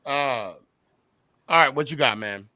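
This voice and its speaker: A man hosting a casual sports podcast, hoarse and short of voice, calling on each guest in turn. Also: mid-range voice, animated, a little slow, sharp tone, dry recording. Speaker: podcast host.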